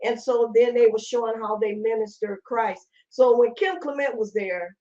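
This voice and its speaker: A chatty woman hosting a talk show, asking questions with quick enthusiasm. Her voice sits a little high, and the audio sounds muffled and lo-fi. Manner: chatty and excitable. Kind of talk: casual interview chat.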